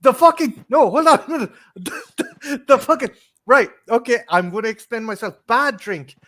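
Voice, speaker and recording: A man's voice: extremely high pitch, lively intonation, moderate pace, bright, forceful tone. Rambling, foul-mouthed Irish man. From Ireland. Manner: rambling, swears a lot, often laughs mid-sentence. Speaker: co-host. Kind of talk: casual chat.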